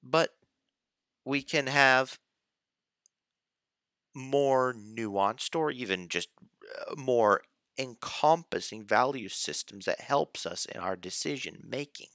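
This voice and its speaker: A man slowly thinking aloud in a casual philosophy discussion, hesitant, with restarts. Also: mid-range voice, animated, fairly bright tone, no echo, clean studio sound. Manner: slow, hesitant, with restarts and sighs.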